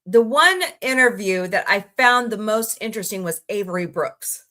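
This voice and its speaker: Woman livestream host, casual, rambling, quick to laugh, home desk mic. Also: lively intonation, pushed and bright. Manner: chatty, rambling, reads chat aloud and greets viewers; laughs easily, voices reactions with sudden high squeals.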